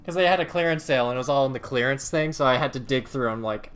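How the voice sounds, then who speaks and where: A young man co-hosting a live gaming stream, telling stories in an animated, casual way and swearing freely. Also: mid-range voice, rapid-fire, hardly any pauses, soft background music. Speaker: livestream co-host.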